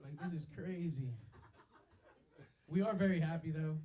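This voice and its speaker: On a club stage with a handheld mic, a stand-up comic in his twenties works through his set at a measured pace. His voice is fairly high yet dark in tone, and his talk is loose and slangy, peppered with "yo" and "baby."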